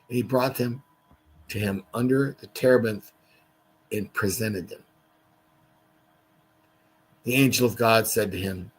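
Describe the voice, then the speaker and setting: Man, low husky voice, casual Bible study on a livestream, reads verses aloud with chatty asides. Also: poor audio.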